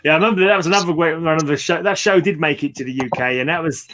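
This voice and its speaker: A man hosting a casual chat, relaxed, asking loose rambling questions and laughing easily. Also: fairly high pitch, racing, slight background noise. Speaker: host.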